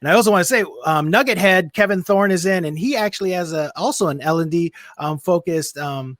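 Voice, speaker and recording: A man hosting a casual interview over a video call, speaking in a relaxed way with many "um"s and "you know"s. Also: high-pitched, a little fast, no room sound, clean studio sound. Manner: relaxed, hesitant, many fillers and restarts. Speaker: podcast host.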